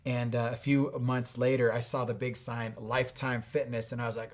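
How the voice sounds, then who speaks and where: A middle-aged man talks through a faith-based motivational message in a loose, conversational way. He stumbles over words and restarts often, then lights up when he acts out a story. His voice sits at an ordinary pitch for a man. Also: moderate pace, few pauses. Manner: conversational, frequent fillers and restarts, animated when retelling. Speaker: fitness instructor and faith speaker.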